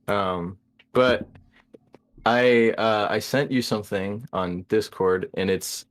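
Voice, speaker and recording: A man with a lowish voice calling in to a live show. He talks in a relaxed, hesitant way, trailing off as he goes. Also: takes it slowly. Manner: mumbly, laid-back, hesitant. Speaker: caller.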